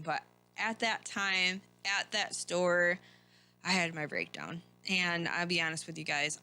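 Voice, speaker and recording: A woman's voice: on the low side, bright, forceful tone. A woman podcast host from Michigan telling a rambling, candid personal story, often laughing and restarting her sentences.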